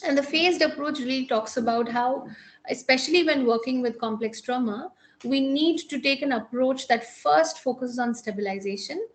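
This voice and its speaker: A woman with an Indian English accent giving a measured academic lecture on psychotherapy as a clinical psychologist, with frequent pauses and restarts. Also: high voice.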